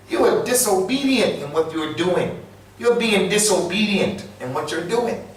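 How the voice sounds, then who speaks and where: A man's voice: high-pitched, animated, moderate pace. A man giving an emphatic sermon in a small mosque, repeating his key phrases for weight. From United States. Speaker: Islamic lecturer. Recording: echoey room, distant mic.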